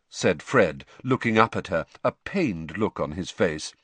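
Male storyteller, lively pitch, expressive, dry close sound. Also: unhurried, hardly any pauses, slightly rough, no room sound. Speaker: audiobook narrator. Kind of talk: scripted audiobook narration.

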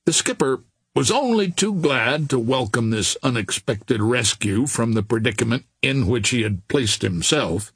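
Slow, husky male audiobook narrator. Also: mid-range voice, lively intonation, fairly bright tone, dry recording. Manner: measured, unhurried storytelling. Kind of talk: reading a novel aloud.

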